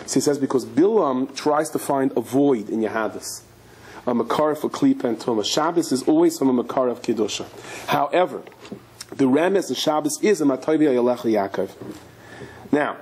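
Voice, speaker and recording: A man's voice: mid-range voice, dark tone, husky, poor audio. A man giving a Torah class as a rabbi, telling stories animatedly and acting out the people in them, with frequent restarts.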